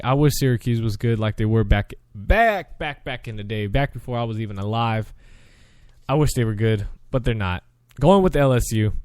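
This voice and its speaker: A young man hosts a sports show and works through his weekly picks in a loose, chatty way, stumbling and correcting himself as he goes. His voice sits a little high and comes through smooth. The sound is close and dry. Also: darkish tone, no room sound. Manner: chatty, self-correcting, frequent restarts. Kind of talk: casual sports picks commentary.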